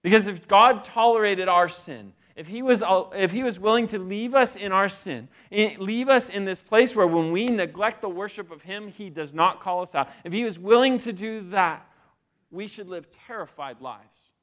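Man, preacher, sermon, high-pitched voice, conversational, asks questions. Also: moderate pace, fairly bright tone.

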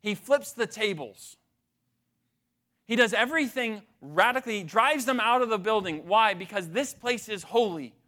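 A man's voice: sits high, animated, normal speed, bright, forceful tone. A man preaching a conversational sermon, emphatic, with frequent restarts and asides to the congregation. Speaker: pastor.

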